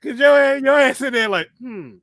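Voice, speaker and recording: A man's voice: very high voice, fairly quick, fairly bright tone, no room sound, clean studio sound. A man co-hosting a podcast, trading teasing, laughing banter in casual chat. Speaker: podcast co-host.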